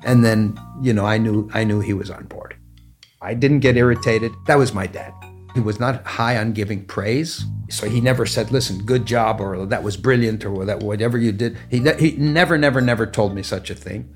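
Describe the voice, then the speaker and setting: A man in his sixties from Canada, telling personal stories in a measured, anecdotal way in an interview. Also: lowish voice. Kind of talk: reflective storytelling interview. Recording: faint guitar music underneath.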